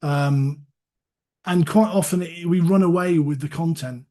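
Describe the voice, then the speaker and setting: A man on a video call webinar, his voice sitting a little high for a man. He talks in a halting way, doubling up words as he thinks aloud. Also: dark tone. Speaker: guest panelist. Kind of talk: webinar discussion.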